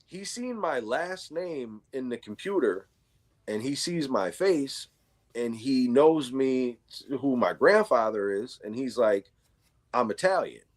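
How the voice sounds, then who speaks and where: A man hosting a casual chat, telling a story in an animated way, acting out the quotes and swearing freely. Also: medium pitch, takes it slowly. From New York. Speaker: channel host.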